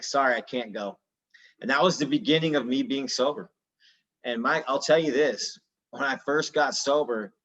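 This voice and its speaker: A man's voice: medium pitch, a bit bright, muffled recording. A man in his thirties candidly telling his own story in a casual, slangy, earnest way. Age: 30s.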